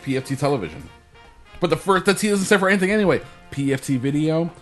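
A man's voice: on the high side, lively intonation, fast talker, faint music behind. A man hosting a podcast in casual chat, rambling through plugs and correcting himself as he goes. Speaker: podcast host.

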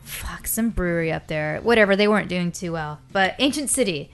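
A woman's voice: lowish voice, a little fast, clean tone, soft background music. Brash, profane woman on a podcast. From Latin American parents. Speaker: podcast guest, beer seminar presenter and comedian. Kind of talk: casual podcast chat.

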